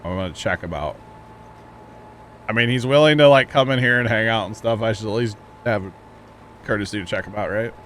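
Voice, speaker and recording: A man's voice: on the low side, fairly quick, long pauses, a bit bright, slight background noise. A man livestreaming a farming game, talking casually and rambling to his chat, chuckling often. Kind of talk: casual chat while playing.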